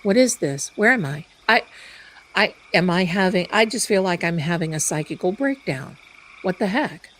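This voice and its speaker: A woman's voice: on the low side, lively intonation, moderate pace, slight background noise, natural voice. A woman voicing a confused, flustered woman on a phone call. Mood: bewildered. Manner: flustered, rambling.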